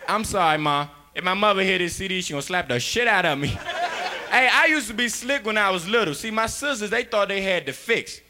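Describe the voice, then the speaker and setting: A young man doing a loud, rowdy stand-up comedy set, laughing between punchlines. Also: sits high, expressive, a little fast, crowd noise.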